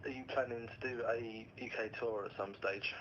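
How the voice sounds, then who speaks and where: A man's voice: mid-range voice, fairly even intonation, moderate pace, a bit bright. A man hosting a casual radio interview, asking questions with many hesitant fillers. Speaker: radio show host. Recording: dull lo-fi sound with faint noise.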